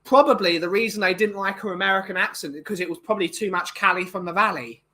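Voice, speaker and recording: A man's voice: high voice, fast, pushed and bright, a little hiss or hum. A young man chatting casually and opinionatedly to viewers, rambling with many restarts. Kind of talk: casual chat.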